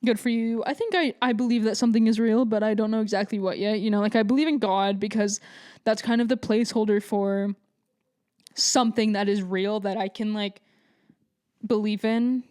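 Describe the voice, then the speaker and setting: A young woman hosting a podcast, telling a story in a blunt, profane, rambling way with lots of fillers, swinging between quick rants and slow drawn-out asides. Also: medium pitch, steady tone, dark tone, clear, resonant tone. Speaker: podcast host. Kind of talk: casual monologue.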